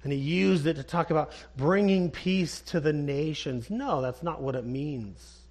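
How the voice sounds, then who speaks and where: Male pastor, sermon, high voice, slow deliberate delivery, emphatic repetition. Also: a little mellow. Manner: emphatic, slow preaching with repeated phrases; clears his throat now and then.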